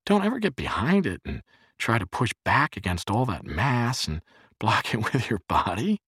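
A man's voice: huge pitch swings, normal speed, breathy edge, no echo, clean studio sound, full character voice. A man doing a frantic, sleepless paranoid guy. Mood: scolding. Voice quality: strained, shouting high voice. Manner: yelling and rambling in agitation.

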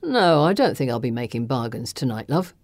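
A woman reading an audiobook, voicing a gruff, scornful male henchman with coarse, sneering speech. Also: very deep voice, sing-song, brisk, a little mellow, no echo, voice pushed down, exaggerated voice. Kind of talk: audiobook character voice.

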